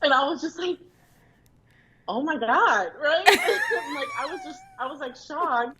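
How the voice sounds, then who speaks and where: A woman's voice: very high-pitched, wildly swooping pitch, moderate pace, very noisy. A young woman, a bride, telling her story as a guest in a casual chat, acting out the quotes and laughing often. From Filipino family in America.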